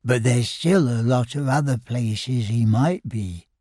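A man voicing a gentle male bear who talks slowly and thoughtfully in a storybook reading. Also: medium pitch, breathy edge, dry recording, studio quality. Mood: puzzled. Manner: slow, thoughtful.

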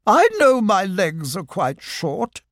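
Man playing a proud, prim otter lady for a storybook; high, slow, dignified. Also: big pitch swings, fairly bright tone, no echo, studio quality, exaggerated voice. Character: polite, proud female otter.

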